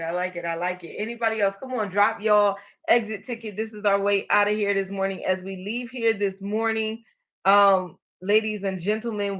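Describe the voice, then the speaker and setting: Woman live-stream host, bright and energetic, cheering viewers on; slightly muffled stream audio. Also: medium pitch. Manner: energetic, encouraging, calls out to viewers. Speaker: motivational livestream host. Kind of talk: live-stream pep talk reading comments.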